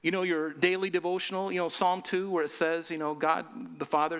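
A man preaching in a lively sermon, throwing rhetorical questions at his listeners. His voice sits a little high and rings bright and forceful. It carries a long reverb from a large hall. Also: brisk, hardly any pauses, clear, resonant tone. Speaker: pastor.

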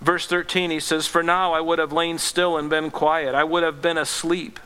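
A man preaching a sermon as pastor, earnest, swinging from impassioned pleading to low, gentle tones. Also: little pitch movement, moderate pace, clean tone, in a large hall.

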